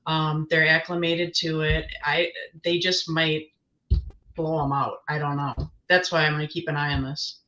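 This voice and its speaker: A woman's voice: low voice, little pitch movement, normal speed, pushed and bright, lo-fi sound, slight background noise. A woman guest giving her picks in casual chat, hesitant, with many ums and restarts. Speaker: guest analyst.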